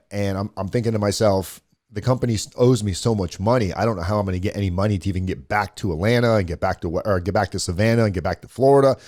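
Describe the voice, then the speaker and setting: Low-voiced man telling a story. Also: darkish tone. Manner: conversational, quotes others in the retelling, frequent restarts. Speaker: guest telling his story. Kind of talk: casual storytelling.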